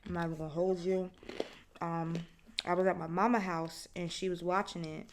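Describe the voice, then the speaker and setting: A woman hosting a casual solo podcast, telling a story in an animated, profane way and acting out other people's lines. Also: on the low side, moderate pace, slight background noise. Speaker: podcast host.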